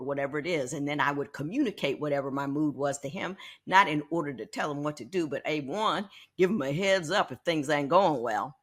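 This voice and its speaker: A woman in her sixties hosting a podcast, telling a personal story in a candid, animated way and often repeating words as she thinks. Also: low-pitched, a little fast, hardly any pauses, husky. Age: 60s. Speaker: podcast host.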